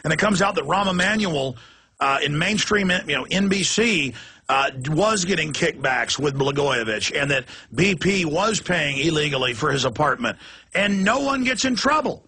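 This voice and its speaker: A man hosting a talk show, ranting passionately and rapidly. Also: fairly high pitch, lively intonation, bright, forceful tone, slightly rough. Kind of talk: heated political talk.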